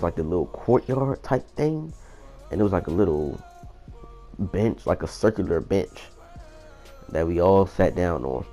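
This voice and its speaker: A young man casually telling a personal story in a rambling, profane, animated way. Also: sits low, gravelly. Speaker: vlogger.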